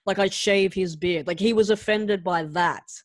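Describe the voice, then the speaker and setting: Animated man telling a story, dry sound. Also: sits high, moderate pace, no room sound. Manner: animated anecdote-telling with frequent restarts. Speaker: guest, actor and pro wrestler. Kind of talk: casual interview storytelling.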